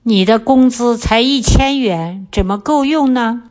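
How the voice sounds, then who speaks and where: A middle-aged woman, a guest on a language lesson, reading example sentences in a calm, measured way. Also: on the high side. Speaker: guest, the host's mother.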